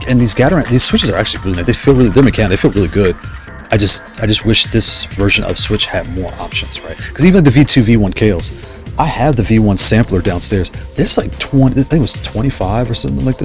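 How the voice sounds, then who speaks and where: Low-voiced man rambling on a livestream. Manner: rambling, digressive, enthusiastic. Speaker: livestream host. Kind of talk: casual livestream chat.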